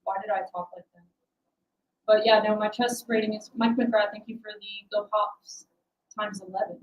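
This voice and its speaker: A woman's voice: medium pitch, little pitch movement, normal speed, dull audio. A young adult woman hosting a casual livestream, rambling and self-deprecating as she chats with her viewers. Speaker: livestream host.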